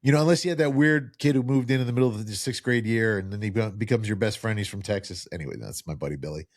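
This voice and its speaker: A man's voice: on the low side, quick pace, no room sound, studio quality. A man in his fifties with a faint New Jersey accent, hosting a casual interview and telling rambling stories with many restarts. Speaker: podcast host.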